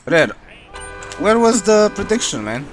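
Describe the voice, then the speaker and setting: A man's voice: high-pitched, big pitch swings, unhurried. A young man from Romania, a streamer chatting casually with his viewers, rambling with many fillers, music playing behind him.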